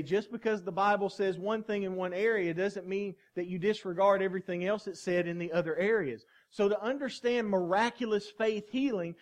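High-voiced preaching pastor, animated. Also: male voice. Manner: animated preaching with call-and-response asides. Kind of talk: sermon.

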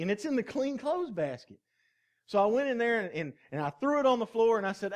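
A man's voice: high voice, animated, fast. A male pastor preaching a sermon in a folksy, joking way, often asking the congregation questions. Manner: folksy, jokey and conversational, asks the congregation questions.

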